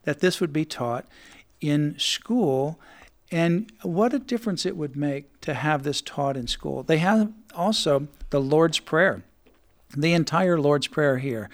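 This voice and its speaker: A man's voice: on the high side, lively intonation, slow. A man hosting a talk show, earnestly explaining history and reading old texts aloud. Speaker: host. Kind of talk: studio talk show discussion.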